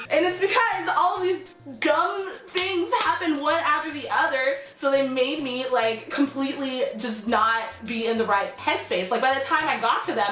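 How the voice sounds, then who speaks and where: Young American woman, chatty storytime vlogger, rambling delivery, higher pitch, echoey room. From United States. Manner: animated, rambling, heavy use of "like". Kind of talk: casual storytime vlog. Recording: roomy echo with faint music.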